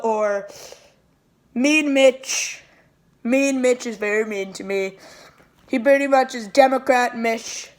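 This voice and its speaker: A woman's voice: a little high, natural voice. A woman playing a petty, self-pitying male president who rambles and repeats nicknames in a comic impression. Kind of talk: comedic impression monologue.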